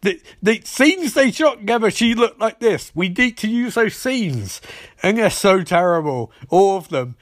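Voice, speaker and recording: A man's voice: high voice, a little slow, no room sound, clean studio sound. A man giving a profane, ranting movie review, poking fun at the film with mocking little voices for its characters. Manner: animated, sweary, mocking voices for quoted characters.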